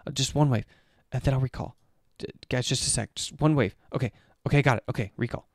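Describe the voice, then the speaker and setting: A man's voice: medium pitch, fast talker, dry recording, studio quality, natural voice. A man mimicking an impatient, greedy young male pro gamer who hurries and brushes off his teammates. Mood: hurried.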